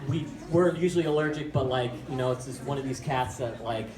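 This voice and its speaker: A man's voice: mid-range voice, a little fast, music in the background. A young man doing stand-up, telling a story in a rambling, self-mocking way full of fillers. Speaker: stand-up comic. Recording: echoey room from far off with crowd.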